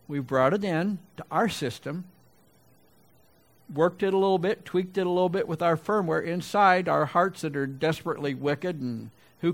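A male pastor delivering a sermon, swinging between loud emphatic peaks and quiet low asides, with conversational restarts and remarks to the congregation.

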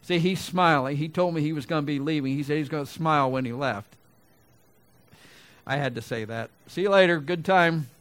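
A man with a slightly higher voice preaches a sermon to his congregation. He swings from loud, ringing emphasis down to quiet, low asides. He often restarts his sentences and talks to the room in a conversational way. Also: fairly even intonation, fairly quick, pauses often. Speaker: pastor.

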